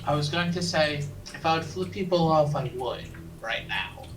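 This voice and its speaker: A dry, wry woman co-hosting a let's play and reading the game's text, her voice low yet lively in pitch. She sounds set back from the mic, and clear background noise runs under her. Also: moderate pace, distant mic. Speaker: let's play co-host and narrator. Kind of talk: casual gaming chat and reading game text.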